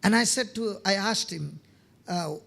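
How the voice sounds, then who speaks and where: A man's voice: high voice, a little slow, creaky, fairly bright tone. A man preaching a sermon, telling testimony stories, often checking in with his listeners and repeating words as he starts phrases.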